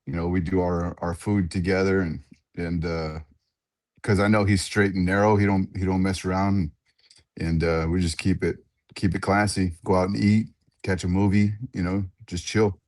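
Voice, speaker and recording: A man, a ring announcer, telling animated stories in a casual interview and acting out other people's lines. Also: low voice, normal speed, dry recording, studio quality. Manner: animated storyteller who acts out others' voices.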